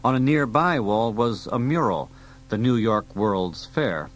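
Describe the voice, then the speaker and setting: A man reading an audiobook aloud in a steady storytelling delivery. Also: medium pitch, unhurried, a little hiss or hum, low-quality recording. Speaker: audiobook reader. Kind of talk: audiobook narration.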